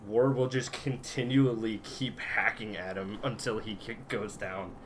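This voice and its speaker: A man playing a tabletop game, describing his character's actions slowly with many fillers. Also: lowish voice, fairly even intonation, noisy background. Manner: unhurried, full of fillers. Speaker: player.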